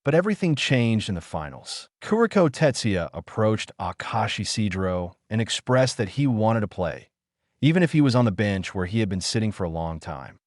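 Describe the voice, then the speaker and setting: A man reading a translated web novel aloud as an audiobook narrator, keeping one voice through narration and dialogue with uneven pauses. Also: lowish voice, sing-song, no echo, clean studio sound.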